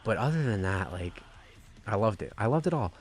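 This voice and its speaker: A man with a deep, low-pitched voice rambles through a wrestling review. He talks in an excited, casual way and swears freely. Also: brisk. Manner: profane, rambling, gushing.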